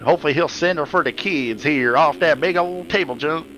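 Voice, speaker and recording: A man's voice: a little high, a little fast, a bit bright, a little hiss or hum, rough recording. A man putting on a drawling country redneck voice for a joking race commentator, with folksy, mangled grammar.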